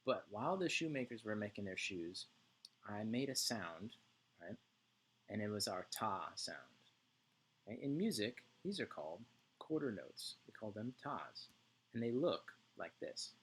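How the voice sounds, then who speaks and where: A man's voice: fairly low pitch, lively intonation, unhurried, breathy edge. A male music teacher giving an online lesson to young children, chanting rhythm syllables and checking in often with "right?".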